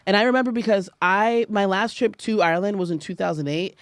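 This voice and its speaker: A woman guest on a comedy podcast, telling stories in a profane, animated way. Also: medium pitch, fast. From United States. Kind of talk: casual podcast chat.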